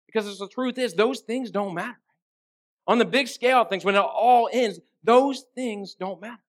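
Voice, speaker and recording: Speaking at a moderate pace, this man delivers a sermon as a pastor, chatting with listeners and often asking them rhetorical questions. His voice is high with a fairly bright tone.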